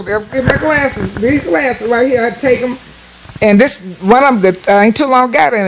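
A fairly high, somewhat bright voice belongs to a woman in her sixties casually preaching to viewers from church. She repeats words and restarts a lot, speaking emphatically and jumping up in pitch on what she most wants to stress.

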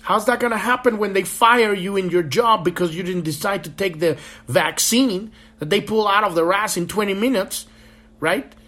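A man's voice: sits high, moderate pace, sharp tone. A man hosting a spiritual podcast, talking in a passionate, rambling monologue full of swearing. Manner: profane, impassioned and rambling. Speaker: podcast host.

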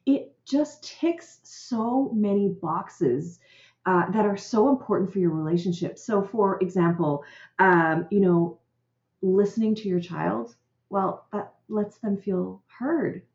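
A woman's voice: mid-range voice, slow, darkish tone. A middle-aged woman, a parenting coach on a podcast, talking earnestly and often checking in with "right?". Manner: gestures a lot while talking. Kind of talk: podcast interview conversation. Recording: roomy, slightly dull audio.

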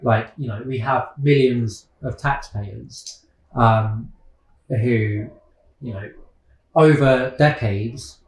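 A man speaks in a loose interview, circling his points with plenty of ums, you-knows and restarts. His voice has a middling pitch and rings a little in a roomy, echoey space. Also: slow. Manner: hesitant, many fillers and restarts. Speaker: guest economist. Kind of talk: casual interview.

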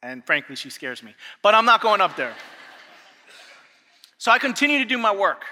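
High-pitched pastor guy preaching, super animated, bright sharp voice, long echo like a big church hall. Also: moderate pace. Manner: animated storytelling, acting out family dialogue. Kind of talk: sermon.

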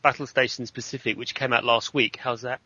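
Bright-voiced man ranting on a podcast. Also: mid-range voice, fairly quick, no echo, highs cut off. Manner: animated, emphatic complaining. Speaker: podcast panelist. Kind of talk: casual chat.

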